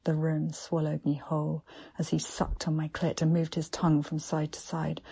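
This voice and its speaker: A woman narrating an erotic story in a slow, hushed, breathy half-whisper. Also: low-pitched, monotone.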